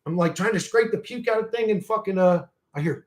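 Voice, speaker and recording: Excitable, foul-mouthed man with a high voice. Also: fast. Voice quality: heavy swearing, rambling storytelling. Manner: excitable, rising and falling in bursts. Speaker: channel host. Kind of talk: casual rambling chat.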